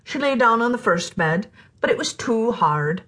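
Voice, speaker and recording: A woman narrating a children's storybook in an animated, playful way, sometimes dropping to a whisper for suspense. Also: fairly high pitch, moderate pace. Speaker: storyteller host.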